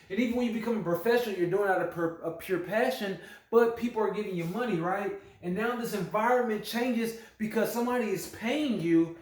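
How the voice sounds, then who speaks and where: Male motivational coach, high voice, preachy and repetitive; roomy sound, mic at a distance. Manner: preachy, repeats phrases, calls listeners family. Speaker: coach giving a motivational talk. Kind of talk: motivational talk to an audience. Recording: echoey room, mic at a distance.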